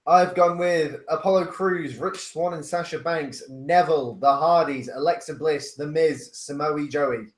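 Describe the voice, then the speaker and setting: A man's voice: on the high side, a little slow, few pauses, far from the mic. A man co-hosting a casual chat, boastful and laughing, swearing often. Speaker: podcast co-host. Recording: echoey room.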